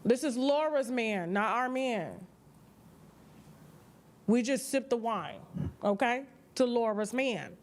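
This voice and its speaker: A woman with a high-pitched voice hosts a gossip show, chatting straight to her viewers. Her delivery is sassy and loose, full of asides as she comments on the latest rumors. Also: animated, slow pace, long pauses.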